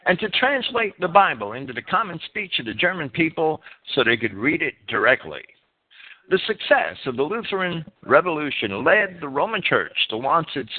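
A man reads a prepared church-history talk as a sermon, and his pitch rises and falls a lot. He stumbles and repeats words as he reads. The recording is thin and tinny, like a phone line. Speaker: preacher. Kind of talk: reading a history presentation with asides.

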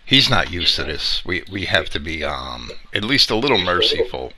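Bright-voiced man hosting a commentary show. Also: sits low, very animated, normal speed. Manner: sharply critical. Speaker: podcast host.

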